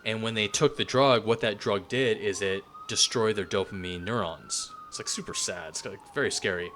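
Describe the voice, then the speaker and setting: A man's voice: lowish voice, wildly swooping pitch, normal speed, a bit bright, a little hiss or hum. A man giving a casual spoken lecture, talking loosely with plenty of fillers and restarts.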